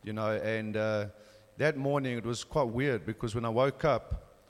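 A young man speaks informally at church, his sentences full of fillers and restarts. His voice sits at an average pitch. A long reverb from the hall trails each phrase. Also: normal speed. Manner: informal, hesitant with many fillers. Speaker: church member giving testimony. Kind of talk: church testimony.

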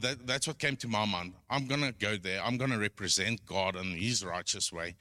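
A middle-aged man sharing an earnest personal church testimony, halting with restarts. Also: on the low side, pushed and bright, dry recording, studio quality.

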